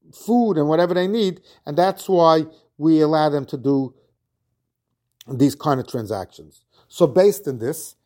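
Man explaining a Talmud lesson. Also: on the high side. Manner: reads Aramaic phrases then explains them, with restarts. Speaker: Talmud teacher. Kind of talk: Talmud lesson, translating Aramaic into English.

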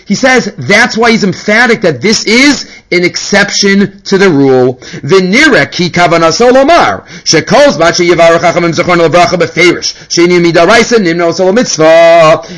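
Guy teaching talmud, high voice that jumps all over, reading hebrew then explaining. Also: poor audio. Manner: animated, mixes Hebrew and English. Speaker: Torah teacher. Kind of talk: Talmudic lecture.

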